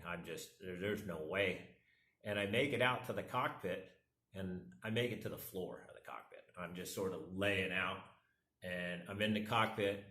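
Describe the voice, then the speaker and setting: A man's voice: low-pitched, a bit bright. A middle-aged man vlogging, telling a rambling, self-deprecating story and acting out the quotes. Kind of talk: casual storytelling. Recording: echoey room.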